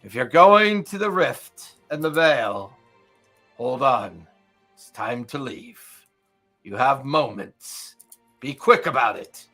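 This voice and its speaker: A game master voicing a gruff male shark-form merfolk war leader who speaks curtly and grudgingly in a tabletop game. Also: mid-range voice, expressive, slow, pauses often, bright, forceful tone, faint music behind, exaggerated voice. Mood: commanding. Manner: curt, grudging, commanding. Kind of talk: tabletop role-play.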